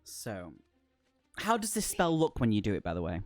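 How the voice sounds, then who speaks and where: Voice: medium pitch, wildly swooping pitch, moderate pace, darkish tone, no room sound, soft background music. A game master narrating a tabletop game, laughing often between descriptions.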